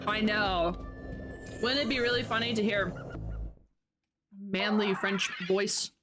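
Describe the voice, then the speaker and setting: A woman's voice: mid-range voice, steady tone, slow pace. A young woman streaming a video game, chatting casually in a playful, goofy way and swearing freely. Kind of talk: casual live-stream chat. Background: game music.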